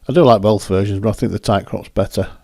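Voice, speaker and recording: A man's voice: lowish voice, fast, warm tone, no echo, studio quality. A man hosting, chatting casually and rambling as he talks through his photos. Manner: rambling, self-correcting, chatty. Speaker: photographer and host. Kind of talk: casual commentary over photos.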